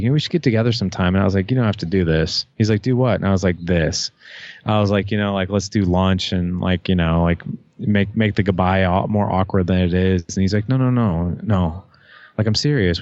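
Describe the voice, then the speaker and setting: On a lo-fi recording with no room sound, a man in his thirties with a fairly low, darkish voice shares a personal anecdote as a guest on a podcast. His delivery is relaxed, frank, and profane, peppered with "like" and false starts as he recounts who said what.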